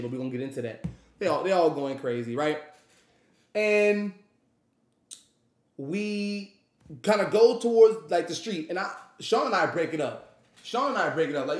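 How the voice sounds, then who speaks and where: A man telling a story to a live audience, animated and profane, acting out the people in it. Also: on the high side, reverberant. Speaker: streamer.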